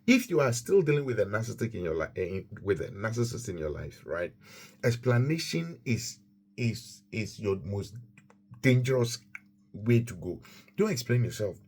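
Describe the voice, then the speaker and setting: A man's voice: lowish voice, big pitch swings, moderate pace, a little mellow, breathy edge. A man teaching a Christian lesson on marriage, emphatic and repetitive, quoting scripture as he preaches.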